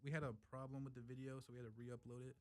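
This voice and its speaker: Soft-spoken male producer guest. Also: medium pitch, very fast. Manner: soft-spoken, relaxed, laughs often. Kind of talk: casual interview chat.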